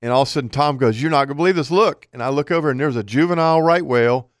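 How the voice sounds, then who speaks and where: Male co-host, excitable yarn-teller, dry studio sound. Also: medium pitch, rapid-fire, dry recording. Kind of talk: casual radio chat.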